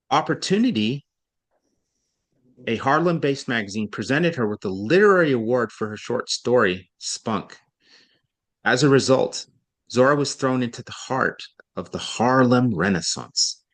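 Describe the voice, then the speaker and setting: A man working as a reading tutor, reading a passage aloud and coaching, deliberately stressing key words and slowing down to make a point. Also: medium pitch, lively intonation, a bit bright.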